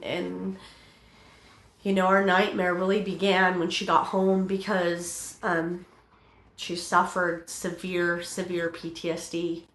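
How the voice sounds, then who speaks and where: A middle-aged woman telling her personal testimony in an interview, halting, with many fillers and restarts. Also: on the low side, fairly bright tone, roomy sound.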